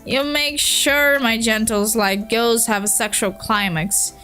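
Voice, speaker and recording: A woman's voice: a little high, steady tone, takes it slowly, pushed and bright, faint music behind. A woman with a Brazilian Portuguese accent voicing a crude, flirtatious female troll who talks in short, blunt lines. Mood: lewd.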